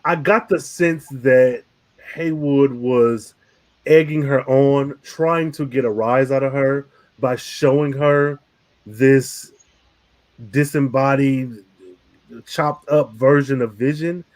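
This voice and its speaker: A man's voice: medium pitch, takes it slowly. A man hosting a casual review podcast, talking animatedly, laughing often and swearing casually. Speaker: podcast host.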